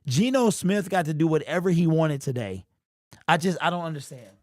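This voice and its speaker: A young man hosting a fan livestream postgame show, talking excitedly and casually to his chat in slang. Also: on the high side, a little fast, no room sound, clean studio sound. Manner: excitable, slangy, talks straight to the chat with lots of "bro".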